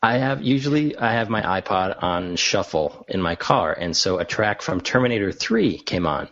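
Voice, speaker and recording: A man's voice: lowish voice, moderate pace. A man co-hosting a podcast, telling a story in casual chat and laughing hard at it. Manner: animated storyteller, laughs hard at his own stories. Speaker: podcast co-host. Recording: dull lo-fi sound.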